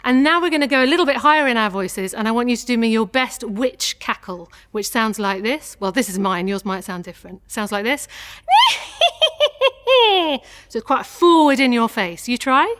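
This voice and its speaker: Encouraging woman leading vocal warm-ups. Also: on the high side, lively intonation, brisk, few pauses, slight background noise. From England. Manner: encouraging, clear instructions, demonstrates sounds. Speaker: singing teacher.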